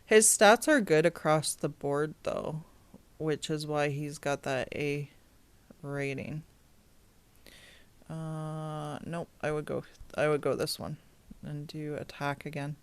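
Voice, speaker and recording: Casting: relaxed female game guide host, low voice, unhurried and chatty. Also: smooth. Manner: chatty, laughs easily. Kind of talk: casual game review commentary.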